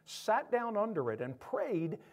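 Animated man preaching a sermon. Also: high voice, measured pace. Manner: animated, joking asides to the congregation; acts out Bible figures in voices. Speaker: pastor.

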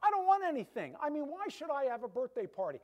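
A man's voice: very high voice, very animated, fast talker, darkish tone, voice pushed up. A man voicing a hurt, shy woman who pleads in plaintive questions while telling a story in a sermon. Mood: hurt, pleading.

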